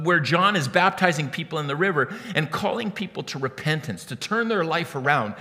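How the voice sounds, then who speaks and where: A man preaching a sermon in an animated way, often repeating words as he starts a phrase. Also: on the high side, in a large hall. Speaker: pastor.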